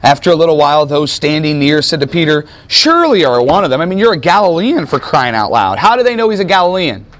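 An American man teaches a sermon in a loose, conversational style, with a voice sitting a little higher than most men's. He asks his listeners questions as he goes and sometimes hunts aloud for the right word. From United States. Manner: searches for words aloud. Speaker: pastor.

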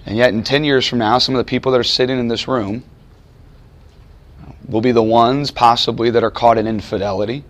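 A man's voice: medium pitch, steady tone, a little fast, fairly bright tone. Conversational man preaching a sermon. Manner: conversational, emphatic, voices quoted figures. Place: chapel or lecture room with audience.

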